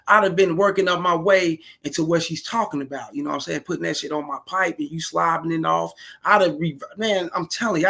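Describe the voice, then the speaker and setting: A man's voice: on the high side, gravelly, sharp tone, slightly rough. A man reacting to a clip in casual commentary, blunt and crude, handing out streetwise advice to the fellas.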